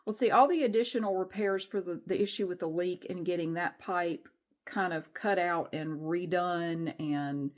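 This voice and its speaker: A woman's voice: lowish voice, normal speed. A middle-aged woman, venting candidly in a rambling, frustrated way with some swearing in a casual vlog. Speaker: vlogger.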